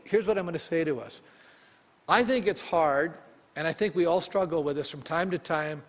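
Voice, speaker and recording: A male pastor preaching a sermon to his congregation, emphatic and full of rhetorical questions. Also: a little high. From Canada. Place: church sanctuary. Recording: long reverb of a church hall.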